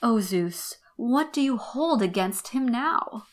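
A woman voicing a goddess who flatters and pleads with her father, speaking slowly and with exaggerated formality. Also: on the high side, pitched above the performer's own voice. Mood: pleading. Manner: slow, pleading and overly formal.

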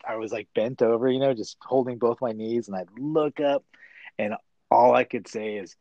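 A man's voice: mid-range voice, moderate pace, no room sound. Chatty man telling stories on a dry call. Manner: animated storyteller, says "dude" a lot. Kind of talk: casual chat. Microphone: video call.

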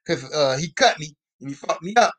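A man's voice: fairly high pitch, lively intonation, fairly quick, a bit bright. A man doing a blunt, menacing young woman killer. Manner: crude street slang.

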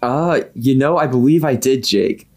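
A man on a casual podcast, an improv performer, telling stories in a relaxed way with lots of ums. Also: mid-range voice, normal speed, background noise. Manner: relaxed storytelling with many fillers.

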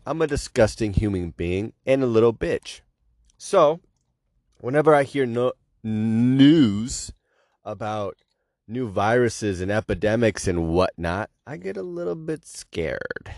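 A man's voice: low voice, darkish tone, dry recording, clean studio sound. A man hosting a comedic news monologue in a sarcastic, crude, self-mocking way, sick with a stuffy nose.

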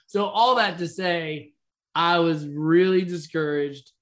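A man's voice: on the high side, slow. A man co-hosting a podcast, telling stories in casual chat and acting out quoted lines with laughter. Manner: animated storyteller, acts out quotes with laughs. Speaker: podcast co-host.

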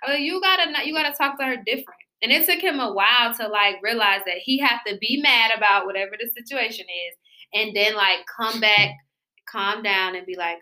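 A woman co-hosting a podcast in casual chat, telling an animated story and swearing freely. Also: fairly high pitch, fairly quick. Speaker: podcast co-host.

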